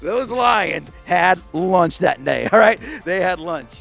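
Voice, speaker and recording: An American man, a children's pastor, telling a Bible story to kids in a playful, animated way, with goofy voices and roars. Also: sits high, slow pace, creaky, faint music behind.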